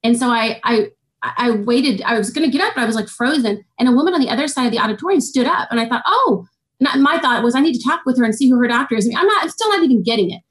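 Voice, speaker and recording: A woman's voice: on the high side, fast. A woman in her forties, a guest author, telling a personal faith story in an interview and acting out the voices of the people in it. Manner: animated storytelling, acts out quoted voices. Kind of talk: testimony in an interview.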